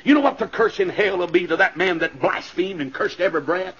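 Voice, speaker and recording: Fiery male revival preacher, high and husky, muffled old LP sound. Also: lively intonation, brisk. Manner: fiery, swings from low asides to sudden shouted climaxes. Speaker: evangelist. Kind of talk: shouting revival sermon. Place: church. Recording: muffled 1970s LP recording.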